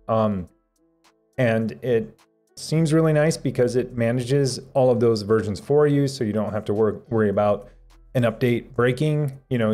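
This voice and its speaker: A man hosting a tech livestream from his home office, chatting casually with viewers, reading their messages aloud and often restarting his sentences. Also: medium pitch. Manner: relaxed, stammering restarts, reads chat aloud.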